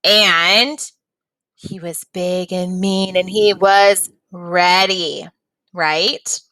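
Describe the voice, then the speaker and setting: A woman teaching a reading lesson, pausing to ask the class encouraging questions. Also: on the low side, steady tone, sharp tone, no room sound.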